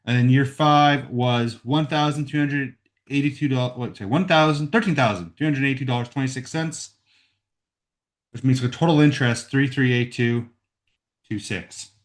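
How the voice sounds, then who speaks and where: A man's voice: mid-range voice, normal speed. A man teaching a recorded math lesson at home into a computer microphone. He works through the calculations aloud and keeps checking in with "right?".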